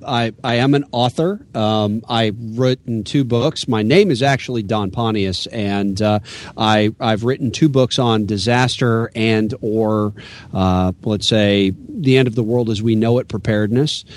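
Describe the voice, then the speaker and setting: A man's voice: on the low side, unhurried. A man from the United States, a guest author and radio host, explaining his views earnestly with many fillers and restarts. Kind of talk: casual interview talk.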